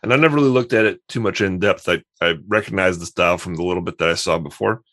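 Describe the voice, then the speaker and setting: A man with a very low, gravelly voice, chatting casually about games. He talks with easy enthusiasm, often pausing to restart his thoughts. The sound is close and dry. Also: fairly bright tone, dry recording. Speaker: podcast co-host. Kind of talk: casual chat.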